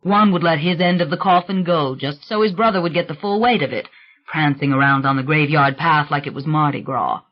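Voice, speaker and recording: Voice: mid-range voice, fairly quick, muffled recording, close to an everyday voice. An audiobook reader voicing a husband who tells wry, gossipy funeral stories.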